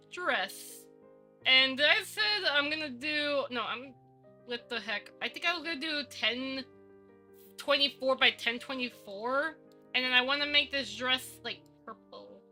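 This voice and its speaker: A woman's voice: high-pitched, sharp tone. A woman live-streaming, rambling playfully and talking to herself while she works on a 3D model. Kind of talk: casual live-stream chat.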